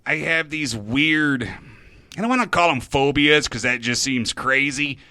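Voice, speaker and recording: A middle-aged radio host talks in a nervous, meandering confessional, constantly tripping over his words and starting again. His voice is bright and edgy, sitting close on a dry mic with no room sound. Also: medium pitch, lively intonation, unhurried, no room sound. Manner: nervous, self-interrupting, restarts often. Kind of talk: rambling confessional monologue.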